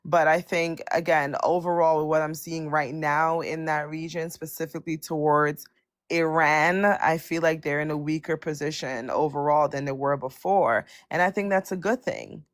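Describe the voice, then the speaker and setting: Woman caller in a debate, deep voice, careful hedging arguments. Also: fairly even intonation, normal speed, no room sound, studio quality. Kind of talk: call-in political debate.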